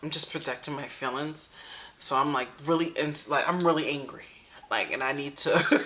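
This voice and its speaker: Bright, emphatic woman reaction host. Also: sits low, moderate pace. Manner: emphatic, animated commentary with slang. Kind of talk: casual reaction commentary.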